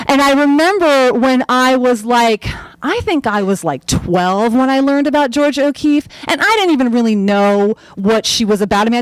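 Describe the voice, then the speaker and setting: A young woman telling a personal story on stage in a chatty, animated way, full of fillers and acted-out quotes. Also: high voice, clean tone, no echo, rough recording. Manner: acts out her own quoted lines.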